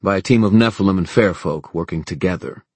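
A man's voice: deep voice, brisk, a little mellow, slightly rough, no room sound. A male narrator voicing a cocky young male hero in an audiobook. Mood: confident.

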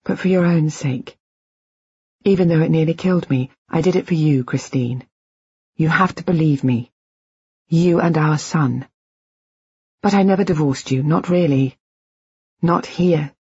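A woman's voice: low-pitched, unhurried, long pauses, darkish tone, slightly rough, no echo, dull audio, full character voice. A woman reading the lines of a desperate middle-aged husband, pleading through tears in an audiobook. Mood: tearful pleading. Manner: pleading, emotional.

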